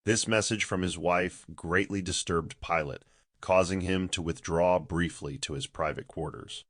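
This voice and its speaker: A man narrating a scripted religious story in a steady, solemn manner. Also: low-pitched, measured pace, dry recording, clean studio sound.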